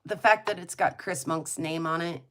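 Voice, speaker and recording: A woman hosting a rock hounding channel chats casually, gushing and giggling with plenty of laughter and fillers. Her voice is fairly low in pitch and fairly bright, at a moderate pace.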